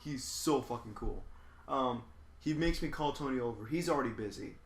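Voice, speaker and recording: A man's voice: medium pitch, normal speed, a little hiss or hum. Exasperated young man complaining about customers. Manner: profane, exasperated storyteller. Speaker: podcast co-host. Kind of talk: casual chat. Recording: echoey room.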